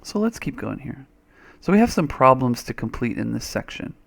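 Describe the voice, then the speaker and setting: A man's voice: mid-range voice, big pitch swings, moderate pace, vocal fry. A man teaching a reading lesson over a screen recording, chatty and thinking aloud, with little playful sound effects.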